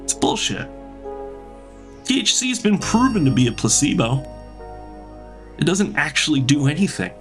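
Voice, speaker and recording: A man's voice: a little high, big pitch swings, normal speed, long pauses, faint music behind, pitched above the performer's own voice. A man playing a blunt male therapist who lectures with confident, odd advice in a raised voice.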